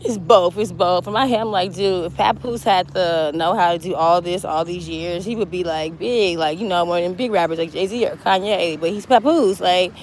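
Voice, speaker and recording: A woman's voice: fairly low pitch, normal speed, few pauses, a little hiss or hum. Blunt, mocking woman gossip commentator. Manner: blunt, mocking, swears freely.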